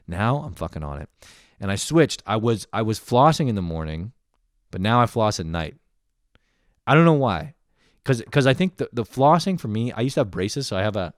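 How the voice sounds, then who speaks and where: A man's voice: deep voice, no echo, clean studio sound. A man ranting in a profane, rambling, mock-angry stand-up style. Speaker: comedian.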